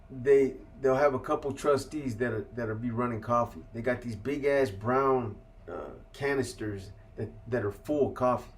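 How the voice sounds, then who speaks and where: A man's voice: mid-range voice, darkish tone. A man from California casually telling a story as an interview guest, in laid-back street slang with plenty of profanity.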